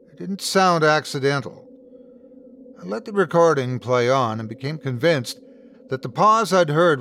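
A man hosting and narrating a scripted horror story in the first person, with lively shifts in tone. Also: mid-range voice, a little hiss or hum. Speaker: host and narrator.

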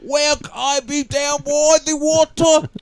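Brief: goofy shouting Aussie caricature, done by a man, high and manic. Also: completely flat delivery, vocal fry, heavily acted. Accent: mock Australian. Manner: shouting, drawn-out manic put-on voice. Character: goofy Australian bloke caricature, loud and manic.

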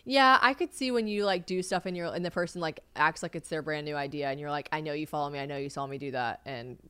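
A woman's voice: low-pitched, fast, bright, forceful tone, clean tone. A young woman hosting a podcast in casual chat, telling stories with lots of swearing and acted-out quotes. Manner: swearing, storytelling, acts out quotes. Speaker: podcast host.

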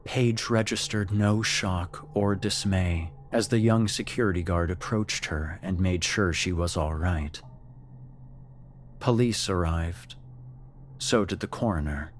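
A man narrating a scripted horror story in a measured, dramatic way. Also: low-pitched, slight background noise.

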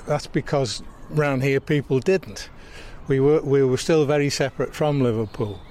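An older Englishman, mildly Southwest Lancashire in accent, recalls the past in conversation beside a town church, tripping over and repeating words. He speaks at a moderate pace in a mid-range, slightly mellow voice. A little background noise is audible.

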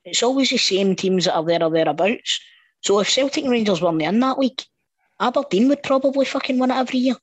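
A man's voice: very high voice, lively intonation, fast, breathy edge, no echo. A Scottish man co-hosting a casual football podcast, blunt and sweary with jokes. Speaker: podcast co-host. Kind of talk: casual chat.

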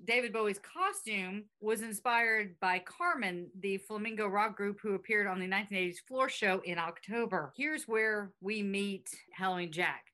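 A woman's voice: medium pitch, moderate pace, few pauses, bright, forceful tone. A woman hosting a podcast in casual chat, reading out facts and quotes with chatty asides. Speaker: podcast host.

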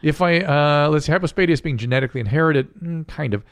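A man's voice: on the high side, quick pace, smooth. A middle-aged man hosting a casual podcast chat, explaining medical terms plainly and joking along. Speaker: podcast host, physician.

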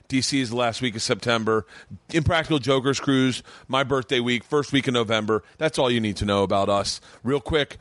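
A man hosting his own comedy podcast, talking loosely and fast, swearing often and rambling with excitement. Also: medium pitch, no echo. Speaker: podcast host and stand-up comic. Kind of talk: casual podcast chat. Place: home studio room.

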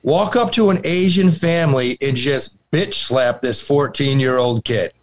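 A man on a podcast telling a long, animated story in casual chat, swearing and laughing as he goes. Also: mid-range voice, a little slow. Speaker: podcast co-host.

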